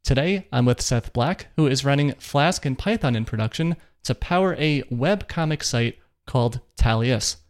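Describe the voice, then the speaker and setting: A man's voice: medium pitch, animated, normal speed, hardly any pauses. A man in a mid-range voice hosts a podcast interview, his questions easy and conversational. He keeps a friendly, casual tone as he steers the talk. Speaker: podcast host.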